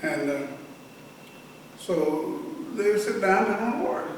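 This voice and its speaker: Older man, former prison head, rambling oral history, slightly high voice, distant mic in a hollow room. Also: animated. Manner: rambling, halting storytelling with many restarts. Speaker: interviewee, veteran and former prison director. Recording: echoey room, mic at a distance, faint hiss.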